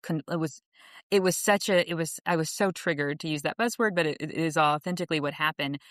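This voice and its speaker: A woman's voice: sits low, brisk, a bit bright, no echo, clean studio sound. A woman guest on a podcast, talking in a casual, earnest, reflective way with frequent restarts and easy laughter. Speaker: podcast guest, author and coach. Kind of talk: casual interview conversation.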